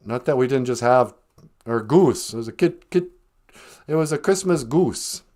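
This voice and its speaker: A man's voice: medium pitch, lively intonation, normal speed, darkish tone, close to an everyday voice. A man doing a mild, offhand family man. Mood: polite. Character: polite, poor family man, politely unimpressed.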